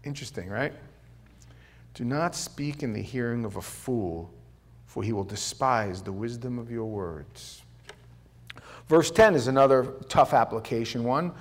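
A middle-aged man preaching a conversational sermon, emphatic at times and dropping to quiet asides. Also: mid-range voice, expressive, unhurried. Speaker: pastor.

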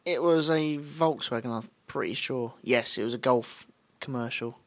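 A man's voice: medium pitch, moderate pace, no echo. Wry podcast co-host man. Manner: wry, joking asides. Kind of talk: casual chat.

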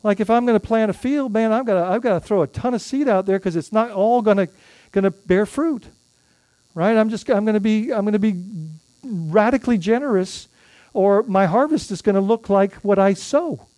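A man's voice: sits high, moderate pace, a little mellow, dry recording. A male pastor preaching a sermon in a conversational way, often restarting phrases and adding tag questions.

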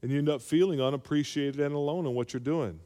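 A man's voice: on the high side, quick pace, warm tone. A male pastor preaching a sermon, calling for amens and rising to emphatic peaks. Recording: long hall reverb.

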